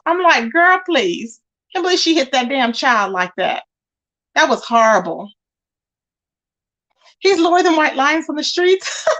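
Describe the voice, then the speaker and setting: Chatty high-voiced woman livestreamer. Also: pushed and bright. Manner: chatty, talks to viewers directly. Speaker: livestream host. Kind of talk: casual livestream chat.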